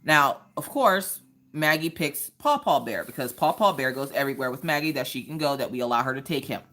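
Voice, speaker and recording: A woman, hosting a casual craft livestream chat and telling stories in an animated way. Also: very deep voice, brisk. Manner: animated storytelling, acts out quoted voices.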